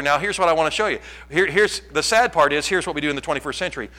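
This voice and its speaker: Animated preaching man, bright tone. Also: a little high, racing. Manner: animated preaching, swinging between loud and quiet. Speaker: pastor. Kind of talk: sermon. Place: church.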